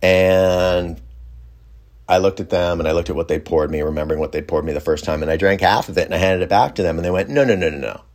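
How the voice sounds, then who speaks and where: A man with a deep, low-pitched voice tells a story from his own life in a loose, conversational way. He drifts and restarts his sentences and leans on fillers while he reflects. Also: steady tone, fast talker, darkish tone. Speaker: storyteller recounting a personal experience. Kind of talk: casual first-person storytelling.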